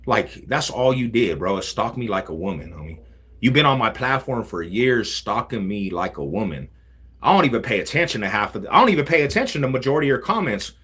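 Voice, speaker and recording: A man hosting a casual livestream, talking in animated street slang. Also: medium pitch, fairly quick, breathy edge. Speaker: livestream host.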